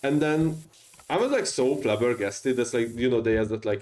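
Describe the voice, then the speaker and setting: A man's voice: mid-range voice, moderate pace, a little mellow, rough recording. A man with a strong non-native English accent, chatting casually and rambling with many fillers while streaming a game. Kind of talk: casual gaming stream chat.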